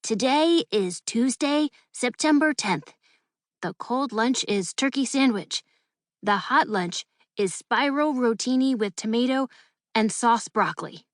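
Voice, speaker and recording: A woman voices a young boy anchoring a school news show, reading stiltedly through a forced smile in a stiff mood. Her voice is high, pitched above her own yet close to an everyday voice, at moderate pace in a dry, clean studio recording.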